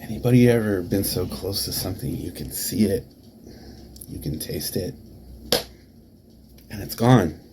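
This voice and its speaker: A man cutting a taunting wrestling promo, dropping to hushed whispers and then rising to shouts. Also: deep voice, a little slow, long pauses, background noise. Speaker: promo performer.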